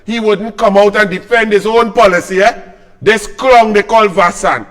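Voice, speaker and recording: A man's voice: high-pitched, moderate pace, a bit bright. A man with a Trinidadian accent delivering a sarcastic, combative political rant as a commentator, mocking his targets.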